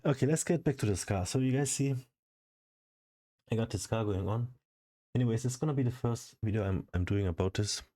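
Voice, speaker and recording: Low-voiced man ranting casually. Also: brisk, mellow. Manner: frustrated, profane ranting. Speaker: vlogger.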